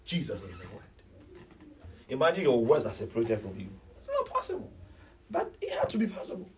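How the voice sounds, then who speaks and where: A man preaching a sermon, telling the story dramatically and swinging between loud outbursts and hushed near-whispers. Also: medium pitch, a little hiss or hum, low-quality recording.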